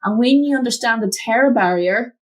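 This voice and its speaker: A woman mentor, a guest in an interview, telling a personal story from her home office over a video call, acting out the voices in it. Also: fairly quick. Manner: animated, acts out quotes with big pitch jumps.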